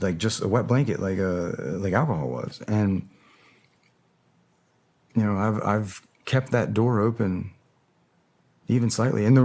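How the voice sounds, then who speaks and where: A man with a fairly low voice talks through a long interview answer. He is candid and reflective and often stops to find the right words. He sounds middle-aged. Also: darkish tone. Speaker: interview guest, former special operator.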